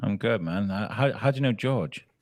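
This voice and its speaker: A man's voice: fairly low pitch, moderate pace, no echo. A man co-hosting a live charity podcast, chatting casually and telling stories with lots of laughter. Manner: animated storyteller, laughs often. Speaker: podcast co-host. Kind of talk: casual chat.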